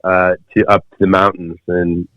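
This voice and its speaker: A man's voice: low-pitched, little pitch movement, moderate pace, a bit bright, no room sound. A man in his fifties, a podcast guest, telling a story at length with many fillers and restarts. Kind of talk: storytelling in conversation. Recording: dull, dry podcast audio.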